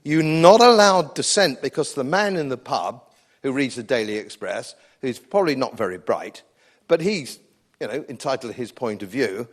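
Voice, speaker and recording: This Englishman speaks at medium pitch and a moderate pace, his delivery expressive. Addressing an audience live at a public event, he gives a combative, sardonic political speech, hammering his arguments through repetition.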